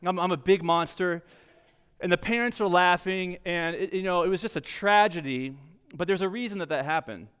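A man's voice: sits high, brisk, a bit bright, smooth. A young adult man, a pastor, preaching a sermon in a conversational, storytelling way with light self-deprecating humor.

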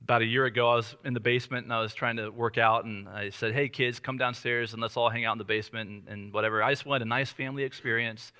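A man in his thirties preaching a sermon as pastor, telling family stories in a relaxed, conversational way with light laughter. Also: mid-range voice, fast talker, few pauses, smooth.

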